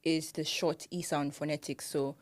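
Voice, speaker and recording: A Nigerian woman with a Nigerian accent co-hosting a podcast in casual chat, animated, laughing often and mimicking pronunciations. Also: low voice, normal speed. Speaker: podcast co-host.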